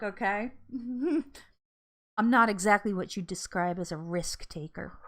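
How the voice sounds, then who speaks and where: Woman, live-stream host, fairly high and very lively voice, bubbly and giggly. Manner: bubbly and chatty, laughs often, reacts loudly to comments. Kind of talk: casual live-stream chat reading comments.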